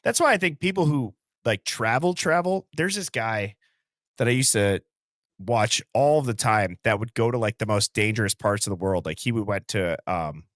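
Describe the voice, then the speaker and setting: A man's voice: on the low side, moderate pace, fairly bright tone, no room sound, clean studio sound. A young man co-hosting a podcast in casual chat, talking hesitantly with many fillers and restarts. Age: young adult. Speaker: podcast co-host.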